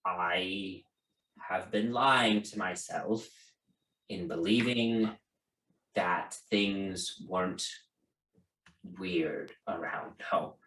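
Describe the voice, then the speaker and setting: A man voicing a strict middle-aged father who lectures his daughter in a low, slow voice, recorded in an echoey room from a distance. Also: bright, forceful tone, full character voice. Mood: stern.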